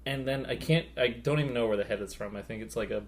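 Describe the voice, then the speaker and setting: A man's voice: mid-range voice, fast talker, slight background noise. A man co-hosting a podcast, chatting casually and rambling with many fillers about his hobby. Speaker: podcast co-host.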